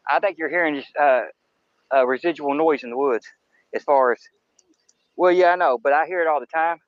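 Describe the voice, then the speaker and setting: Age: adult. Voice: man, fairly high, folksy. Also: a little fast, no room sound, lo-fi sound. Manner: rambling, folksy, talks to viewers as y'all. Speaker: fishing livestream host. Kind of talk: casual live-stream chat. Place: outdoors on a riverbank by woods at night. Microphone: camera-mounted microphone near water.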